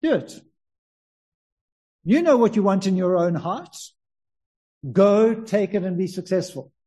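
A man's voice: high-pitched, animated, a little slow, warm tone. A man voicing an outspoken male prophet who mocks a king, then tells him the grim truth plainly. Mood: mocking. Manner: mock-agreeable, then grim and direct.

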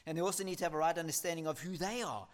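Preaching with earnest emphasis, this man builds his argument by repeating himself and reads passages of scripture aloud at a slow pace. His pitch runs fairly high.

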